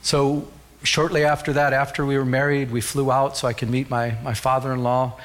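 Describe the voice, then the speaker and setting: A man's voice: medium pitch, flat delivery, normal speed. A middle-aged man preaching a sermon as pastor, telling a personal story and rising to fervent calls to the congregation.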